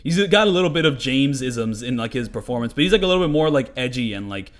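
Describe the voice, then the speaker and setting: Speaking quickly in an expressive mid-range voice, a young man gives loose, casual commentary while playing a game. He rambles, swears, and leans heavily on filler words.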